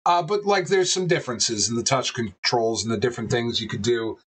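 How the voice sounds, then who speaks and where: A man co-hosting a casual podcast, animated and rambling, swearing often and filling pauses with ums. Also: mid-range voice, husky. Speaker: podcast co-host. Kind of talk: casual chat.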